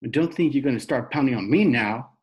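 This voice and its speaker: A man reading aloud and voicing a fervent, devout older woman who calls out loudly and firmly. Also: fairly quick, lo-fi sound, natural voice. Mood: matter-of-fact. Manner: shouting praise, raised pitch.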